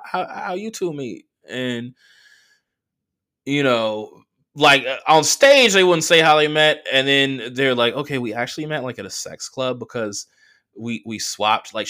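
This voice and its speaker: Animated profane comedian telling a story. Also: male voice, medium pitch. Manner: profane, animated, lots of fillers. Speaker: comedian and podcast host. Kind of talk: casual storytelling monologue.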